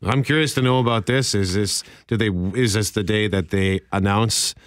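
A man's voice: lowish voice, fairly even intonation, moderate pace, clear, resonant tone, no echo. A Canadian man co-hosting a radio talk show, easygoing and musing aloud. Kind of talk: casual studio banter.

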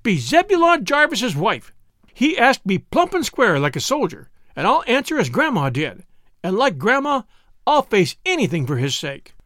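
A man voicing a spirited, excitable young woman in an audiobook, with high, breathless exclamations. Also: normal speed, dry recording, clean studio sound, heavily acted. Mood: excited.

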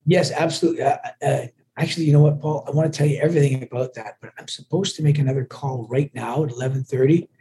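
A man with a mellow, slightly husky voice chats as an interview guest. He talks in a friendly, rambling way, restarting his sentences as he goes, and his voice comes over a phone call. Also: mid-range voice, fairly even intonation, quick pace. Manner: chatty, friendly, with many restarts. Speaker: musician guest. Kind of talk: casual phone interview chat.

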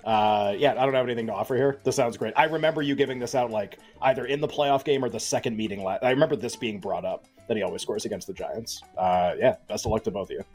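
A man's voice: medium pitch, fast, few pauses, a little mellow, soft background music. A man co-hosting a sports betting podcast, chatting in a laid-back way with wry asides. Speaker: podcast co-host. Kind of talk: casual sports betting chat.

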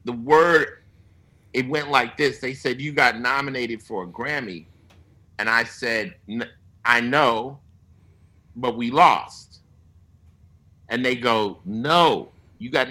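A guest musician in an interview tells stories casually and with plenty of profanity, animatedly acting out what other people said. His voice sits at medium pitch, and the recording is rough.

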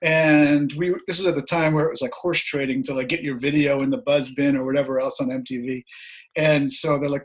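Middle-aged guy telling a story, kinda high voice, slightly rough, laughs a lot. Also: brisk. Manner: animated, laughs often, acts out quoted voices. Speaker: musician guest. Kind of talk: casual storytelling.

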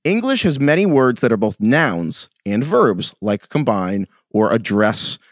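A man's voice: medium pitch, big pitch swings, measured pace, no echo, studio quality. A man hosting a podcast, joking around and reading listener emails aloud in casual chat. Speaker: podcast host.

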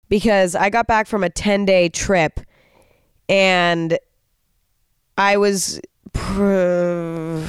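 A young woman hosts a podcast on her own, talking candidly and chattily in a casual monologue and swearing freely. Her fairly low, smooth voice comes through a dry, clean studio recording.

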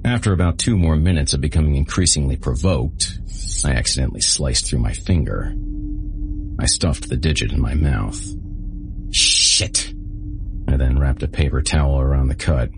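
A man with an extremely deep, low voice reads a first-person story in a dry, sardonic tone. A faint hiss of background noise sits under the recording. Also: expressive, brisk, a little mellow. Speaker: narrator.

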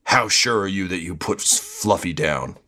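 A man voicing a cool, sarcastic woman character in a tabletop game, speaking slowly and dryly. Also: deep voice, lively intonation, sharp tone, voice pushed down, heavily acted. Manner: dry, slow, sarcastic. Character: cool, sardonic woman warrior, drawling.

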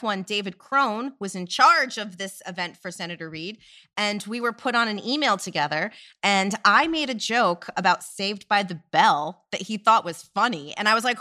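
Bright-voiced woman telling lively stories. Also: medium pitch. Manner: animated storyteller, acts out quoted voices. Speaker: podcast host. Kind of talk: casual chat.

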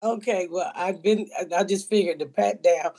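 A woman's voice: lowish voice, normal speed. Blunt, profane woman comedian. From Atlanta. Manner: blunt, profane, animated storytelling. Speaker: guest comedian. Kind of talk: casual interview chat.

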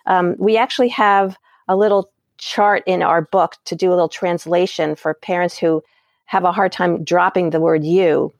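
A woman's voice: fairly low pitch, steady tone, normal speed, no room sound. A woman parent educator as an interview guest, explaining ideas and acting out example phrases with light laughs.

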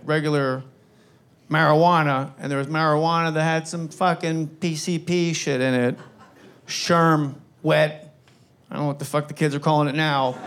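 A man's voice: a little high, a little hiss or hum. A middle-aged man performing stand-up comedy, telling a long personal story in a profane, rambling way. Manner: profane, rambling anecdotal delivery.

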